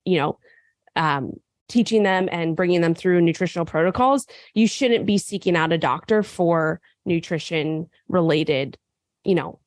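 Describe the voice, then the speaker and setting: A woman co-hosting a fitness podcast, sick and raspy, explaining at length in casual chat with frequent fillers. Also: fairly low pitch, moderate pace, no echo, clean studio sound. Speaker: podcast co-host and nutrition coach.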